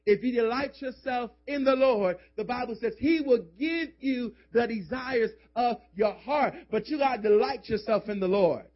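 A male pastor with a high voice preaches in a church, pressing his points with emphatic calls and casual, joking asides. The recording is dull and lo-fi. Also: moderate pace, few pauses. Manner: emphatic, call-and-response urging. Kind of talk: sermon. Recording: dull lo-fi sermon audio.

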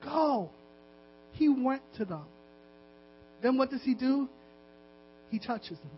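This pastor's voice is very high-pitched and expressive, yet he speaks slowly as he urges his congregation on with fervent repetition and occasional laughs. Mains hum runs through the dull, lo-fi recording.

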